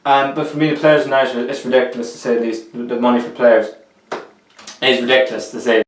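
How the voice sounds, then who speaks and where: A man's voice: mid-range voice, flat delivery, a little fast, recorded from a distance. A young man giving casual, opinionated football transfer commentary in a rambling, chatty way. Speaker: football vlogger. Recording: roomy echo, a little off the mic.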